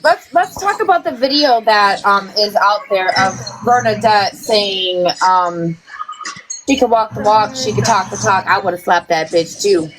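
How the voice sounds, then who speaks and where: A woman's voice: mid-range voice, unhurried, background noise. A woman giving profane, mocking commentary on an online drama, speaking casually to her viewers. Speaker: livestream commentator.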